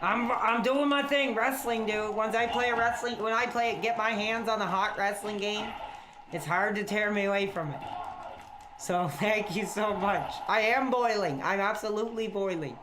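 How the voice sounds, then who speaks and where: A man streaming a wrestling video game late at night, rambling and shouting excitedly at the action. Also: high-pitched, normal speed, background noise. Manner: excitable, loud outbursts, rambling. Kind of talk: excited gameplay commentary.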